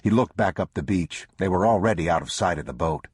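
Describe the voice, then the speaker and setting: A man narrating an audiobook in a measured, unhurried way. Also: deep voice, a little mellow, husky, dry recording, studio quality. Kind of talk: scripted narration.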